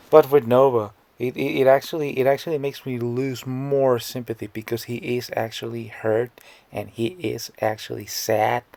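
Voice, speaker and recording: A man's voice: mid-range voice, a little mellow. A man giving scornful, blunt reaction commentary, often stammering and repeating words. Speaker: commentary YouTuber.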